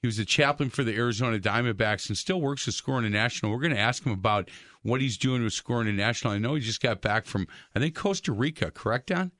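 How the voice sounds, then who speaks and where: A man hosting a talk show, speaking earnestly in a halting way after a guest's testimony. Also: mid-range voice, fairly bright tone, dry recording, clean studio sound. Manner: halting, earnest, full of fillers and restarts. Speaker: radio show host.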